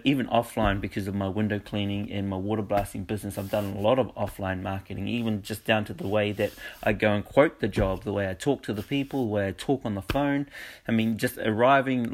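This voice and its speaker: A man talking casually to listeners, telling stories with lots of energy and frequent laughs. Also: lowish voice. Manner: animated storytelling with frequent laughs. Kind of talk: casual monologue.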